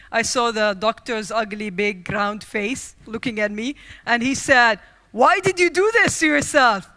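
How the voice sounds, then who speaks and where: A young woman from the Middle East giving a humorous storytelling keynote speech, acting out scenes as she goes. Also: on the high side. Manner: lively, acts out scenes and quotes. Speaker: keynote speaker. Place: conference stage.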